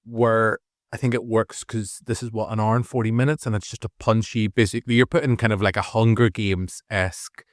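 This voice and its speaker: A man's voice: fairly low pitch, a little fast, dry recording. Chatty Northern Irish man, dry mic. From Northern Ireland. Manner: rambling, restarts, animated asides. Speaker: podcast co-host. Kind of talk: casual movie review chat.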